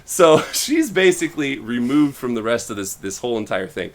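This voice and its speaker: A man co-hosting a podcast, casually retelling a story and acting out the characters' lines in quick little voices. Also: mid-range voice, big pitch swings. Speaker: podcast co-host.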